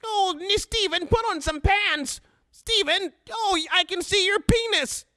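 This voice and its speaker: A man's voice: very high voice, unhurried, bright, forceful tone, dry recording, pitched above the performer's own voice, heavily acted. A man voicing a whiny, fearful teenage boy who wails and complains. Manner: whiny, wailing, self-pitying.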